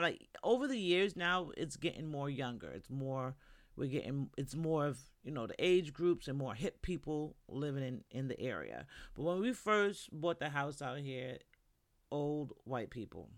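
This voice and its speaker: A woman's voice: deep voice, dry recording. Podcast host: a New woman, candid and profane, talking straight to the listener in a dry, dead room. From New York. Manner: blunt and profane, candid storytelling. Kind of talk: casual monologue.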